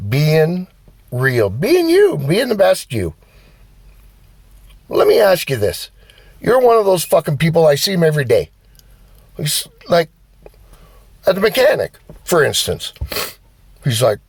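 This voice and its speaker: A man's voice: fairly high pitch, unhurried, long pauses, husky, dry recording. A man giving a blunt, profane motivational rant as a vlogger. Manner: blunt, heavy swearing, animated. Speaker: vlogger and driver.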